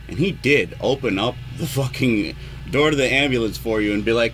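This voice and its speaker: A man's voice: mid-range voice, lively intonation, normal speed, a bit bright, a little hiss or hum. A man rambling alone in a home vlog, swearing often and mocking himself as he talks to himself. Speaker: vlogger and musician. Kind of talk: rambling solo vlog talk. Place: at home, neighborhood lawnmowers outside.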